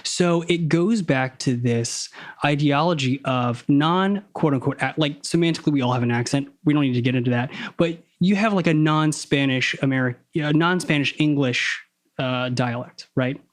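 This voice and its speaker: A man talking as a podcast guest, over-enunciating his words on purpose and stopping to correct himself as he probes ideas. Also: on the high side. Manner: deliberately crisp, over-enunciated diction; analytical, probing, self-correcting. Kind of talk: casual conversation.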